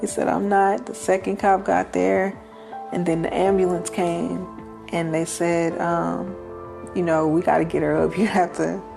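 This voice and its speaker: A woman with a low, gravelly voice tells her story as an interview guest, speaking earnestly and acting out the voices of the people in it. Music plays clearly in the background. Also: level tone, unhurried. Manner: earnest, acts out quoted dialogue.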